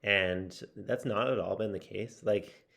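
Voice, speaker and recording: Low gravelly man vlogging casually. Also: fairly even intonation, unhurried, a bit bright. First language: English. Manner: rambling, with many fillers and restarts; musing and self-reflective. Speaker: language-learning vlogger. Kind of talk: casual spoken progress update.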